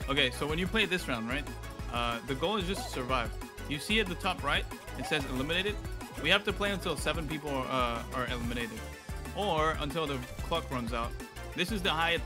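A man's voice: a little high, expressive, fairly quick. A young man streaming a video game, chatting casually with viewers and a partner, playful and joking. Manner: playful, joking, laughs often. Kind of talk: casual live-stream gameplay chat. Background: game music.

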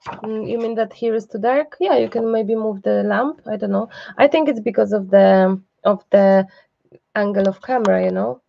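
Woman, craft class host, chatty, reassuring, gravelly voice, dull muffled sound. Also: medium pitch, normal speed, no room sound. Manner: chatty and reassuring, asides to the camera operator. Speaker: craft teacher hosting a live online class. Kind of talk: live craft tutorial, casual chat.

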